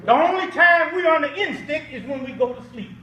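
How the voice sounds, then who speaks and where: Older male guest preacher with a very high voice, emphatic and questioning, recorded from afar in an echoey hall. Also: a little fast, sharp tone, muffled recording, a little hiss or hum. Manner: emphatic call-and-response with rhetorical questions. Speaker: guest speaker. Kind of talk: Islamic preaching at an awards banquet. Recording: echoey hall audio from a distant mic.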